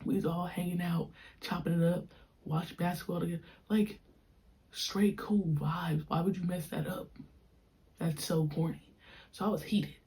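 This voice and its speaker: Brief: young female podcast host, mellow lowish voice, animated casual storytelling. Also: normal speed. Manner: animated, slangy and frank.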